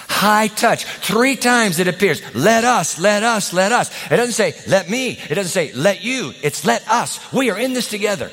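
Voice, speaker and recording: Animated preacher in a reverberant hall. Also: male voice, high-pitched. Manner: dramatic preacher, acts out voices, swings loud and soft. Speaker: pastor. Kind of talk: sermon.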